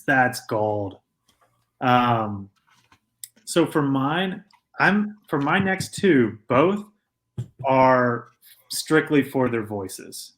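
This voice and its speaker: Measured man co-hosting a sports podcast. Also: medium pitch, fairly bright tone. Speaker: podcast co-host. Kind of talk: casual sports chat. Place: podcast studio.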